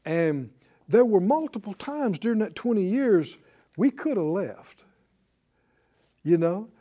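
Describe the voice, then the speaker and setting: A man's voice: high voice, big pitch swings, slow pace, mellow. A middle-aged man preaching a sermon to a congregation, drawing out emphatic phrases and calling for responses. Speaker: pastor.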